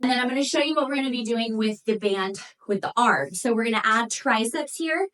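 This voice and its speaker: A woman's voice: on the high side, fairly quick, fairly bright tone. A woman leading a Pilates workout, coaching and counting down reps while exercising and breathing hard. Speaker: Pilates instructor. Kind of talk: workout instruction. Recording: distant from the mic.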